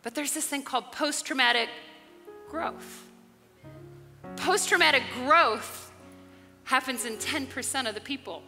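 Woman pastor, exuberant sermon, long hall reverb, soft music behind. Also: high-pitched, a little slow, pauses often. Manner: exuberant, laughing, swings from soft to shouting.

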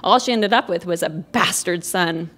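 A woman voicing an evil scheming aristocrat lord, speaking quietly and calmly in a lowered, menacing voice. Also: normal speed. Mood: calm menace.

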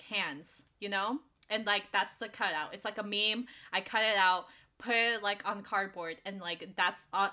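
A woman's voice: medium pitch, bright, forceful tone. A young woman co-hosting a podcast, telling a story in a casual, slangy way and laughing often. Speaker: podcast co-host. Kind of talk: casual chat.

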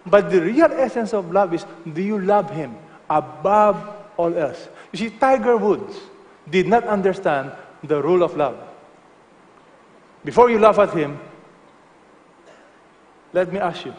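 A male pastor preaching a sermon emphatically, dropping to soft, low tones for effect. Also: animated, unhurried, long pauses, big-room sound.

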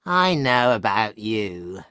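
A man voicing a sly English spy in an audiobook, asking slow, prying questions. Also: on the low side, sing-song, pushed and bright, clean tone, no room sound, clean studio sound, full character voice.

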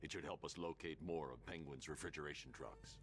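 An actor playing a grim, stern masked male vigilante in a video game, with a deep gravelly growl and a curt, commanding manner. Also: brisk.

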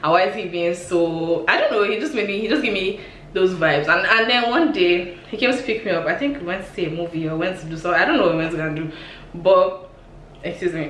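A woman in her twenties with a Nigerian accent, telling embarrassing stories on her vlog in an animated, exclamatory way, laughing often. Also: lowish voice. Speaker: vlogger. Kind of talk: storytime vlog. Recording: echoey room with faint hiss.

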